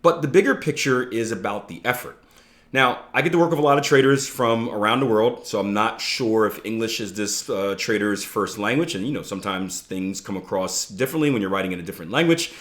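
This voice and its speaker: A man hosting a trading podcast, explaining ideas in a relaxed, conversational way with playful asides and frequent "right?" checks to the listener. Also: on the low side, a little fast. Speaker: trading coach and podcast host. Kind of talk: casual instructional podcast talk.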